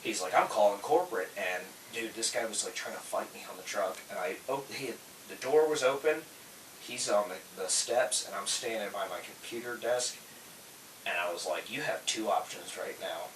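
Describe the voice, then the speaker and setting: Man, low voice, bright and forceful, animated storyteller, echoey room, distant mic with faint hiss. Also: normal speed. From Florida. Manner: animated, acts out quotes loudly. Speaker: podcast host, tool truck dealer. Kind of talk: casual storytelling chat.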